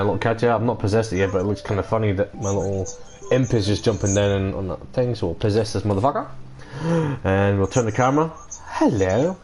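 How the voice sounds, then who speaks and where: A man streaming a video game, giving casual commentary, excitable and sweary, breaking into loud laughs and whoops. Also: medium pitch, slight background noise, low-quality recording. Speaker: gaming streamer.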